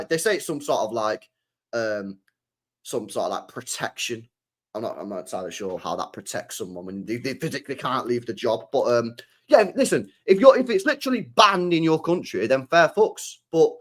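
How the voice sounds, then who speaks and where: Man, stream host, high voice, very animated pitch, slangy and repetitive. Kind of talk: live stream football rant.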